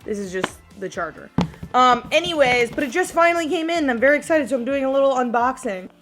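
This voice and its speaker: Speaking a little fast in a high voice with lively intonation, a young woman chats over music in a casual vlog. Bubbly and talkative, she says "like" often, starting at home before heading to the gym.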